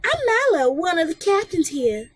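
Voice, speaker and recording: A woman's voice: very high voice, big pitch swings, normal speed, slight background noise, voice pushed up. A woman doing a sugary Southern belle girl. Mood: sweet. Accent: put-on Southern US drawl. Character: sweet young country girl with a Southern drawl.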